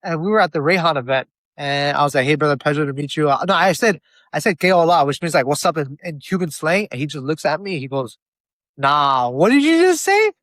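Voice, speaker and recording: A man's voice: on the high side, fast talker, no echo. A young man from Miami, a guest telling stories in a casual chat over a video call. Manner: chatty, animated storyteller.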